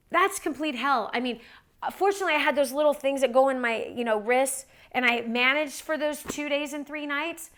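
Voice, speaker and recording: Animated, chatty woman with a highish voice. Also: moderate pace. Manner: animated, chatty, many "like" and "right?" asides. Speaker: motivational speaker. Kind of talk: storytelling talk.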